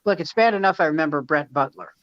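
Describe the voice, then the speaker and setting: A man's voice: on the high side, lively intonation, quick pace, a bit bright, dry recording. A middle-aged male comedian telling rambling, profane backstage anecdotes in casual chat, with frequent restarts. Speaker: stand-up comedian. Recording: slightly muffled dry recording.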